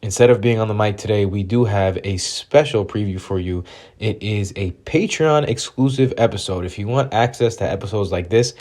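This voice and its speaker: A man's voice: on the low side, normal speed, darkish tone. A man hosting a podcast, slightly sick, reading an upbeat promo and show intro. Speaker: podcast host.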